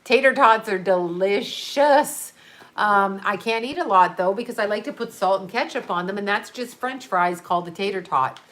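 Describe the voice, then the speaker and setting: Medium in pitch and a bit bright, this woman talks at a moderate pace. She's hosting a livestream, chatting loosely with her audience, reading their messages and laughing frequently.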